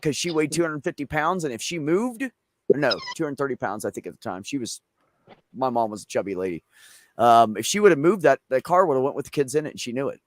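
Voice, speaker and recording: A man's voice: medium pitch, animated, fast, no room sound. Profane storytelling male host, dry mic. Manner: profane, rambling anecdotes. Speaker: show host. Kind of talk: casual storytelling chat.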